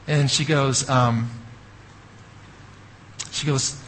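A man preaching a sermon as a pastor, telling an animated story with asides to the audience. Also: medium pitch, slow, pauses often, slight background noise, low-quality recording.

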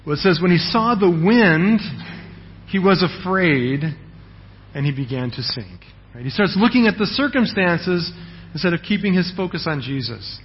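Male pastor, conversational sermon delivery, slightly high pitch, muffled recording. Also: animated, normal speed. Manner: conversational, frequent "right?" check-ins.

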